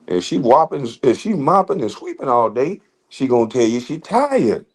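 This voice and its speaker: A man's voice: mid-range voice, very animated, normal speed, breathy edge. Blunt, cursing man on a rant. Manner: blunt, cursing, laughs often. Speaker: commentator reacting to online critics. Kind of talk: casual profane rant.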